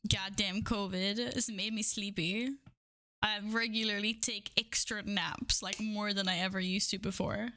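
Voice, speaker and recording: A woman's voice: medium pitch, steady tone, unhurried, pushed and bright. A woman livestreamer chatting casually with her viewers, bubbly and giggly as she greets them one by one. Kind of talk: casual live-stream chat. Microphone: streaming microphone, wearing headphones.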